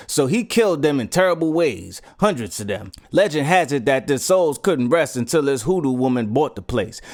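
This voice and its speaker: A man, recapping a horror movie in a slangy, irreverent, profane comedic voice-over. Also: on the high side.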